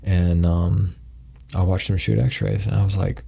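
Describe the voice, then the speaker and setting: A man's voice: sits low, steady tone, normal speed, creaky, dark tone, husky. A man, a podcast guest, telling a story in a casual, rambling way and acting out the quoted lines. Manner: rambling, acts out quoted dialogue.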